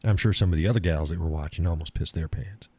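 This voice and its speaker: A man's voice: deep voice, fast talker, dark tone, breathy edge. A man in his sixties hosting a live stream, tired, crude and rambling as he reads chat aloud and laughs often.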